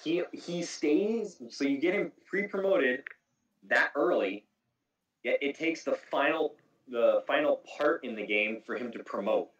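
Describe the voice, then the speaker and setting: A man's voice: fairly high pitch, expressive, a little slow, fairly bright tone, dull audio. A man hosting a casual podcast chat about video games, explaining game details at length. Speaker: podcast host. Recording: echoey room, distant mic.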